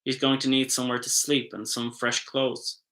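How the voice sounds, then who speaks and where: A man reading the lines of a gentle, caring middle-aged mother in his own plain voice, with no put-on character voice. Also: medium pitch, monotone, moderate pace, close to an everyday voice.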